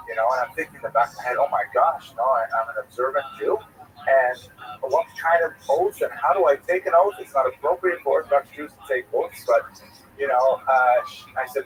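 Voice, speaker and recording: A middle-aged man, a rabbi giving a Talmud class, telling a personal anecdote in a rambling way with many fillers and restarts, a little flustered after rushing in. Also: mid-range voice, lively intonation. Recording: distant mic with faint noise.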